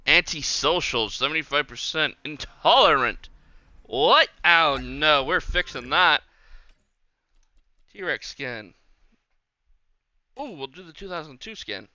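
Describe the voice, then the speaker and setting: A man's voice: fairly high pitch, lively intonation, slow pace, long pauses, bright, forceful tone, no room sound. A man streaming a park-building game, rambling casually as he plays and talking to the animals on screen. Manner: rambling, chatty, talks to the game. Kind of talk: casual gameplay commentary.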